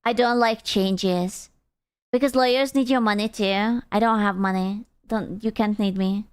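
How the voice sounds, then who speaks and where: A young Hungarian woman with a Hungarian accent streams and chats casually with viewers, teasing them, rambling, and swearing freely. Her mid-range voice is smooth, steady in tone and a little slow.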